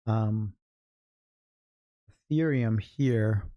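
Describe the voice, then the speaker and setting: On the low side and mellow, this middle-aged Californian with an American accent draws out his words. He hosts a day-trading livestream in a loose, chatty way, joking as he walks through his charts and laughing at his own stories.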